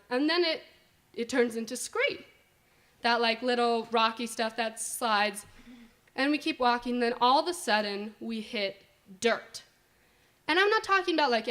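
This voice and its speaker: A woman's voice: on the high side, fairly bright tone. A young woman telling a personal story live at a story slam, chatty and full of fillers like "like", on a stage mic. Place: indoor winery event space.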